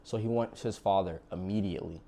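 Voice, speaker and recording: A man's voice: sits low, quick pace, mellow, a little hiss or hum. A man giving an informal sermon, earnestly pleading and retelling a parable with animation. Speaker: preacher.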